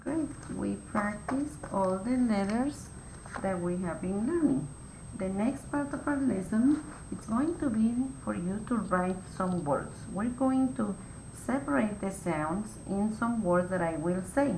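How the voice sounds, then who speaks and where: A woman teacher giving a phonics lesson to young children, explaining each step slowly and clearly with patient instructions. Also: expressive, warm tone. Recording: echoey room with faint rumble.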